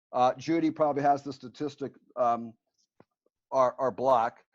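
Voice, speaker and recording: A man's voice: on the high side, darkish tone. A man speaking at a community panel, presenting a resolution in an earnest way with many fillers and restarts. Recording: muffled lo-fi audio.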